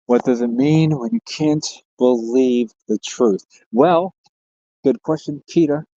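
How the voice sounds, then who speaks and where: A man's voice: mid-range voice, gravelly, mellow, no echo, dull audio. A man hosting a livestream, chatting casually and joking as he rambles and reads out viewer comments. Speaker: livestream host.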